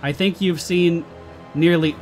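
A man's voice: on the high side, fairly even intonation, a little slow, a little mellow, faint music behind. A man giving casual gameplay commentary on a let's play, swearing and exasperated, talking back at the game.

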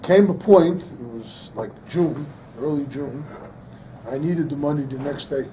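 A man's voice: on the high side, a little slow, warm tone, a little hiss or hum, rough recording. An older man, a rabbi giving a Torah lecture, telling a personal story and then preaching with rising emphasis, mixing in Hebrew terms. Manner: sprinkles Hebrew and Yiddish-inflected terms. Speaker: rabbi teaching a class.

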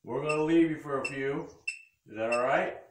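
A man on a paranormal investigation, gently asking repeated questions to a spirit. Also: mid-range voice, normal speed. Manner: coaxing, asks soft repeated questions. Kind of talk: talking to a spirit during an investigation. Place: old log cabin museum indoors. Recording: roomy, noisy field recording.

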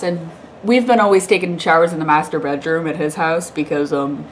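A woman's voice: low voice, steady tone, a little fast, slight background noise. A young woman vlogger with a congested, stuffy voice, telling a rambling story to the camera in a chatty way, laughing often.

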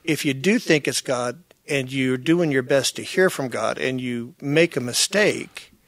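A man in a casual chat, earnest and halting, repeating words as he works out his point. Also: medium pitch, a bit bright, no room sound, clean studio sound.

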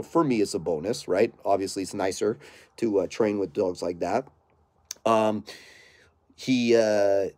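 A man who trains dogs answers questions live in a blunt, casual style, cursing freely and briefly impersonating dogs and owners in put-on voices. He has a fairly low, darkish voice, and the recording is dry.

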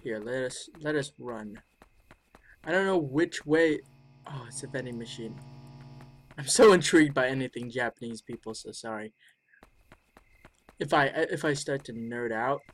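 A person giving let's-play commentary on a horror game. They swear often and mutter their thoughts aloud, then break into high shrieks when startled. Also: a little slow, pauses often. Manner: muttering and thinking aloud between scares. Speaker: gaming video creator.

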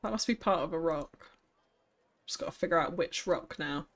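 A woman's voice: sits low, moderate pace. A woman streaming a city-building game, chatting casually and thinking aloud, with frequent laughs. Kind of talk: casual live-stream commentary while building.

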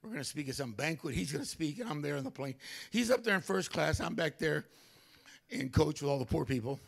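An older male pastor telling a story during a sermon, animated, acting out other people's voices. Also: fairly high pitch, fairly quick, vocal fry. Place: church.

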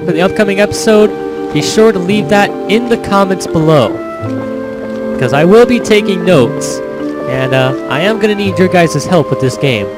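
A man's voice: high voice, lively intonation, moderate pace, low-quality recording. A young man hosting a let's-play, chatting upbeat to his viewers. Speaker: gaming channel host. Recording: game music behind.

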